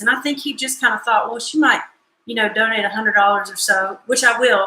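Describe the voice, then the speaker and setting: Chatty woman in an echoey kitchen. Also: medium pitch. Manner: chatty, joking, folksy and animated. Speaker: home cook hosting a live stream. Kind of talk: casual live cooking chat. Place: home kitchen.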